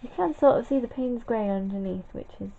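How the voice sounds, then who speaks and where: A woman's voice: fairly high pitch, fairly quick, creaky. A tired woman chatting and mumbling as she paints in a casual crafting tutorial. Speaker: craft vlogger. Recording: tinny phone-like sound, faint noise.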